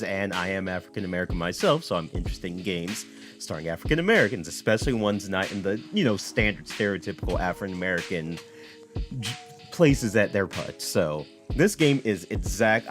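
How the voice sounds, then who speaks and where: A man who is a game developer giving rambling, self-correcting let's play commentary on a game demo. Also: fairly low pitch.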